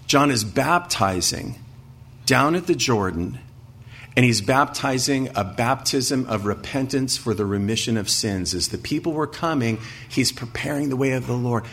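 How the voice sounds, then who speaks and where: A man preaching an expository sermon at a middle pitch. He reads passages aloud with rising emphasis, then asks his congregation rhetorical questions and answers them himself. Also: normal speed, fairly bright tone. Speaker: pastor. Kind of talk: sermon, expository Bible teaching.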